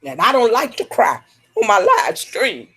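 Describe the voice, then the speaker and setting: A woman's voice: fairly high pitch, huge pitch swings, a little slow, fairly bright tone, husky. A middle-aged woman, giving an emphatic, preachy testimony on a live stream. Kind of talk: encouraging testimony.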